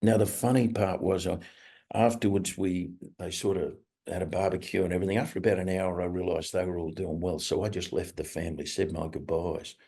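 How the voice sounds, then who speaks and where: A man with an Australian accent presenting a webinar, telling anecdotes and acting out quoted people in a higher voice. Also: flat delivery, brisk, warm tone, breathy edge. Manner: anecdotal, acts out quoted voices in a raised pitch. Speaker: webinar presenter on restorative practice. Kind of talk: storytelling presentation.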